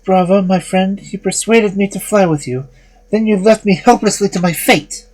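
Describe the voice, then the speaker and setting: A storyteller voicing a bewitched young woman who speaks in a proud, reproachful, commanding way, slightly husky. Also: medium pitch, moderate pace, darkish tone, pitched above the performer's own voice, natural voice, low-quality recording.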